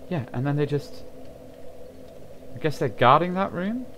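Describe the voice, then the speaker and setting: A man's voice: on the high side, expressive, a little slow, a bit bright, a little hiss or hum. A man casually commenting while he plays a video game, chatty and given to sudden exclamations and swearing, with game music behind him. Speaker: gaming channel host. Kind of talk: casual let's-play commentary.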